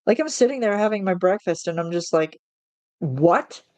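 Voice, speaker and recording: A woman's voice: medium pitch, fast talker, a little mellow, no room sound. A woman in her thirties venting in a casual monologue, exasperated and ranting, often restarting her sentences. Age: 30s. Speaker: vlogger.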